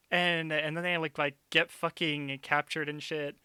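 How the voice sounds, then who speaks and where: A man's voice: a little high, moderate pace, hardly any pauses, clean tone, no echo, clean studio sound. A young man on a stream, ranting about a film in casual chat, sarcastic and swearing often. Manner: animated, sarcastic, swears a lot. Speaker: streamer, co-host.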